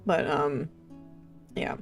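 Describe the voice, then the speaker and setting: A young woman livestreamer chatting casually and rambling, filling her talk with "like" and "um" and laughing often. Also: very slow. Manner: rambling, chatty, heavy use of "like" and "um"; laughs often between sentences. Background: faint game music.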